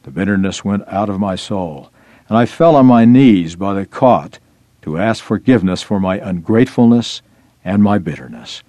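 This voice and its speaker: A man reading a first-person religious article aloud in an earnest, measured storytelling manner. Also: on the low side, expressive, warm tone, no room sound. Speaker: reader.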